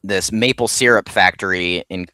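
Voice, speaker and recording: A man with a lowish, smooth, clear voice talks as a guest in a casual interview. He rambles along with lots of ums and restarts. The sound is dry and close. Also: moderate pace, sharp tone, dry recording. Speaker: comic creator guest.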